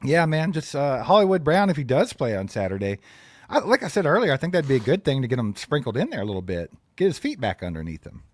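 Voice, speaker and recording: Brief: upbeat male stream co-host, animated pitch, dry close sound. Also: quick pace, no echo. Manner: upbeat, chatty, breaks into giggling fits. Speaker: co-host of a live fan stream. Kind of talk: casual live-stream chat.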